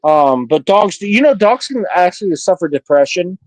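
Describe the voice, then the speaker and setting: Man on a live panel, fairly high voice, boisterous and foul-mouthed, dry close mic. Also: animated, normal speed, darkish tone, no room sound, low-quality recording. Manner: boisterous, profane, bragging. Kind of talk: casual livestream chat.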